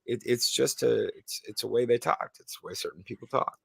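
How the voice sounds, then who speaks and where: Forceful, bright-voiced man talking emphatically. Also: medium pitch, a little fast, vocal fry, slightly rough, dry recording. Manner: emphatic, animated storyteller. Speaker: co-host. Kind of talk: casual livestream chat.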